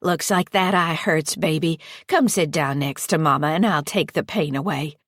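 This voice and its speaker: A woman's voice: low voice, normal speed, dry recording, clean studio sound. A woman voicing a coaxing, menacing female caretaker who talks in a crude drawl in an audiobook thriller.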